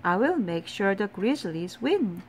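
A woman's voice: mid-range voice, sing-song, unhurried, a little hiss or hum. A woman voicing a polite, literal-minded housekeeper in a storybook reading, speaking primly and earnestly.

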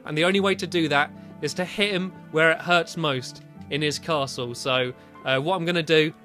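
A woman giving live commentary while playing a video game, often jumping up high and squealing when things go wrong. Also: moderate pace, soft background music. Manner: excitable, squeals and rises high when in danger. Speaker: gameplay video maker.

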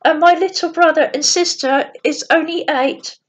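A woman's voice: high voice, steady tone, normal speed, close to an everyday voice. A woman voicing an earnest, caring twelve-year-old girl who stands up for others. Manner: earnest, sometimes stern. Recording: dull lo-fi recording.

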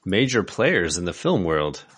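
Low-voiced laid-back podcast host. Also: male voice, very animated, unhurried, a bit bright, slightly rough, no room sound. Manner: brief reactions, laid-back. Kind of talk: casual chat.

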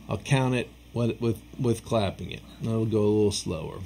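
A man teaching rhythm writing in a relaxed video lesson, counting and scatting beats aloud, with a casual, self-deprecating manner. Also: on the low side, normal speed, gravelly, very noisy. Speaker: music teacher.

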